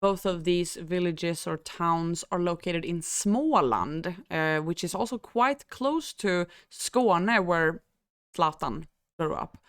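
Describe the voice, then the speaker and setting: Woman from Sweden, language teacher, unhurried delivery, smooth clear voice, dry close sound. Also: on the low side, no room sound. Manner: relaxed, thoughtful, with pauses and fillers. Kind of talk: explaining language and culture.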